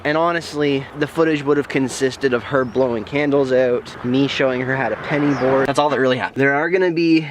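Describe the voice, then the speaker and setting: A man's voice: mid-range voice, a little fast, a little hiss or hum. Rambling man vlogging to camera. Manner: rambling, self-correcting, relaxed. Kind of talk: casual vlog talk to camera.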